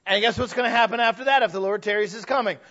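Delivering a sermon, a pastor with a high-pitched voice shifts between easygoing conversation and emphatic points, often restarting his sentences. He speaks very fast in a pushed, bright way, and the recording sounds dull and lo-fi.

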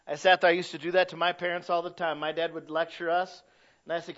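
A middle-aged man preaching a sermon, swinging from loud to hushed. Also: a little high, level tone, quick pace, dull audio. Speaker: pastor.

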